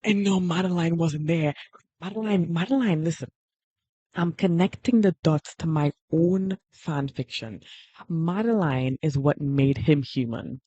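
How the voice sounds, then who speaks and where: Excitable rambling young woman streamer. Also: sits low, a little slow, husky, no room sound, muffled recording. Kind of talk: casual livestream chat while drawing.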